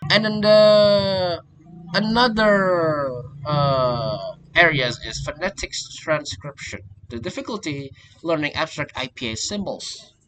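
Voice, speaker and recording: A young man, a student giving a class presentation, halting and often restarting his phrases. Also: a little high, bright, forceful tone. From Indonesia. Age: young adult. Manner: halting, repeats and restarts phrases, links points with "and then".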